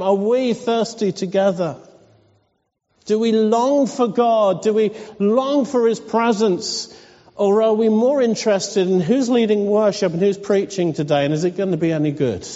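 A high-voiced pastor preaches to his church, mixing earnest pleading questions with soft laughs. His voice is mellow and warm, and it carries with a long reverb through a church hall on a dull, lo-fi recording. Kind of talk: sermon.

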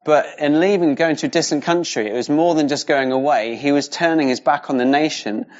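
A man's voice: fairly high pitch, brisk. A man gives an informal Bible teaching. He talks in a loose, rambling way and often checks in with "yeah?". The recording sounds a little dull and lo-fi. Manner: casual, rambling, with many fillers and tag questions. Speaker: Bible study leader.

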